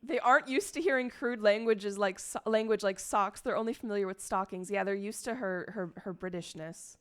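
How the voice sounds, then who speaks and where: A young woman talking off the cuff on a live stream, rambling from one topic to the next and swearing freely. Her voice sits at an ordinary middle pitch for a woman, and she speaks in a loose, unscripted chat style. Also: moderate pace, a bit bright, smooth.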